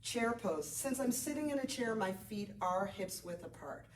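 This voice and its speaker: A woman yoga instructor with a medium-pitched voice and lively intonation guides a beginner class at normal speed, chatty and encouraging as she calls out breath cues. She is far from the mic, so the sound is roomy with faint ambience and a little hiss or hum.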